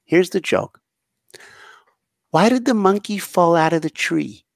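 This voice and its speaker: A man's voice: high voice, animated, measured pace, creaky, no room sound, clean studio sound, pitched above the performer's own voice, heavily acted. A man imitating his five-year-old daughter in a small, piping kid voice. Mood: piping, childish. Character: shy little five-year-old girl.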